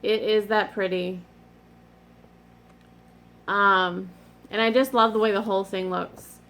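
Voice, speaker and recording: A woman's voice: medium pitch, fairly even intonation, slow pace, fairly bright tone. A middle-aged woman rambling in a casual, digressive chat to her vlog audience, often apologizing in asides. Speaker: cross-stitch vlogger.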